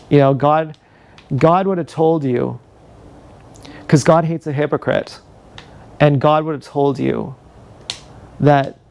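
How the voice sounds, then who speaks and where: A man's voice: a little high, creaky, dark tone. A man ranting angrily and profanely on a live stream, filmed with an action camera. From Canada. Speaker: livestreamer.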